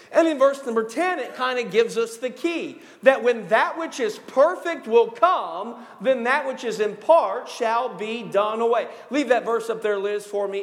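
A man preaching a sermon as pastor of his church, emphatic and methodical, laying out numbered points and slowing down to stress key words. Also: very high-pitched, big-room sound. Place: church sanctuary.

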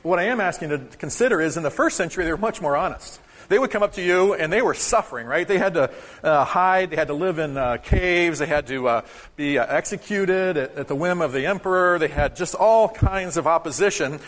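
A man's voice: fairly high pitch, a little fast, fairly bright tone, in a large hall. A man preaching a sermon to his congregation in a conversational, joking way, teaching a short lesson. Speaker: pastor. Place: church sanctuary.

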